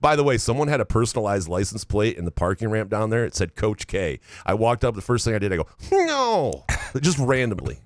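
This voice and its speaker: A man's voice: on the low side, lively intonation, quick pace, few pauses, no echo. A man co-hosting a sports podcast, reading out listener questions and joking around playfully. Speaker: podcast co-host. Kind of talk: casual sports chat.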